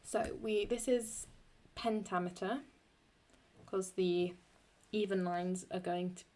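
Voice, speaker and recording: A woman teaching Latin poetic meter in a chatty way, thinking aloud and correcting herself, and reading Latin lines slowly and deliberately. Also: mid-range voice, fairly even intonation, darkish tone. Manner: slow, deliberate Latin recitation. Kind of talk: screen-recorded lesson.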